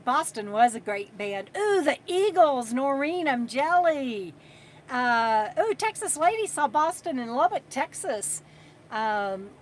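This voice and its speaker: A woman in her sixties hosting a casual livestream, chatting and reading viewer comments aloud between pauses. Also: high voice, a bit bright, slight background noise. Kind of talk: casual live chat.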